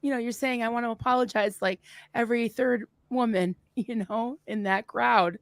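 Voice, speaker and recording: A woman's voice: a little high, fairly even intonation, moderate pace, vocal fry, dry recording. A woman hosting a casual live chat, effusive and chatty, laughing often. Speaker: host. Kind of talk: casual conversation.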